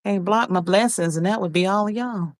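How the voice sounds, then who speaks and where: A woman's voice: mid-range voice, fairly quick, no echo. A woman hosting a casual livestream, reading viewers' comments aloud, teasing them and laughing often. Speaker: livestream host.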